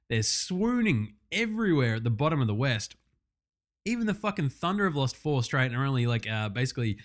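A young Australian man hosting a casual sports podcast, loose and profane, getting excited over stats. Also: mid-range voice. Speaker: podcast host.

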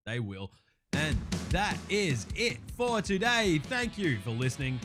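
A man with an Australian accent and a hoarse, sore throat, chatting casually as a podcast host and swearing freely. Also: a little high, big pitch swings, over music. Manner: brisk, swearing, slangy chat.

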